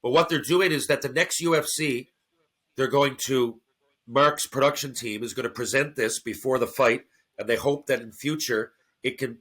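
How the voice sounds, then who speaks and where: A man, a former hockey enforcer, telling a fight story on a podcast in casual, animated, profane chat. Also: mid-range voice, moderate pace. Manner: animated, swearing, acting out his own reactions.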